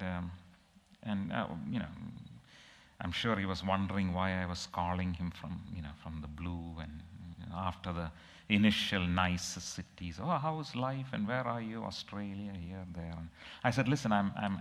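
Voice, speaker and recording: A middle-aged man preaching, telling a personal story in a halting, emotional, reflective way. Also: sits low, long reverb tail.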